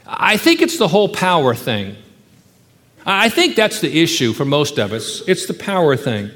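A man delivering a sermon in a light, high-pitched voice. He preaches emphatically, rising into loud rhetorical questions and then sinking to soft, hushed stretches. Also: huge pitch swings, normal speed, long reverb tail. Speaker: pastor.

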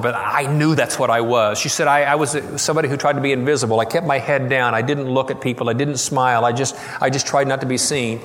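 A man's voice: mid-range voice, fairly even intonation. Man preaching in an echoing hall. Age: middle-aged or older. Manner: storytelling, quoting, slowing and softening for tender moments. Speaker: pastor. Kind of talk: sermon.

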